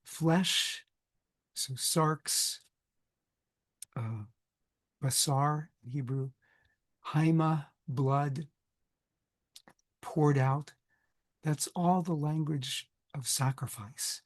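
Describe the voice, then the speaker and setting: A man's voice: fairly high pitch, drawn-out words, pauses often, dry recording. A man with a cold giving a recorded lecture, conversational and digressive, often correcting himself mid-sentence. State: has a cold, coughing. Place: indoors, recording for video.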